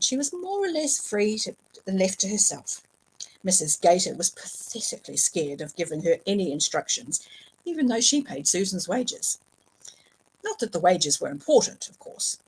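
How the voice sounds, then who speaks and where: A woman reads a fantasy novel aloud at home, telling it with lively expression and the odd stumble. Her voice sits on the higher side with a touch of huskiness, and it swoops animatedly through each sentence. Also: husky, rough recording. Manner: expressive, lively storytelling with small slips and fillers. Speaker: reader.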